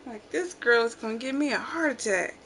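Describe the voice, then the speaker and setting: A middle-aged woman hosting a home channel, telling family stories in casual chat and acting out the quotes loudly. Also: on the high side, brisk, a little hiss or hum. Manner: animated storyteller, acts out quotes loudly. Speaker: channel host.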